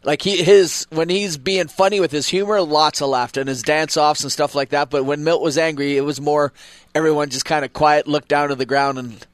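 A slightly higher-pitched Canadian man recorded close and dry, with no room around him. He talks sports emphatically and casually, leaning on "like" and "right?" as a former player now on the radio. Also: fairly even intonation, fairly quick, no echo. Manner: emphatic, conversational, frequent "like" and "right?".

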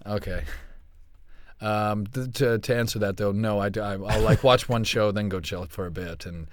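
A man's voice: fairly low pitch, steady tone, normal speed, no echo, studio quality. A man being interviewed, speaking in a laid-back, easygoing way, often hesitating and restarting. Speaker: guest. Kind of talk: casual interview chat.

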